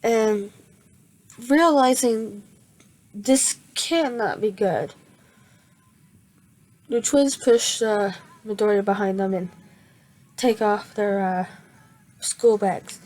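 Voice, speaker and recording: A woman telling a fan-made story in her own words, halting and restarting often with many fillers. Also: medium pitch, darkish tone, rough recording. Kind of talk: improvised fan fiction narration.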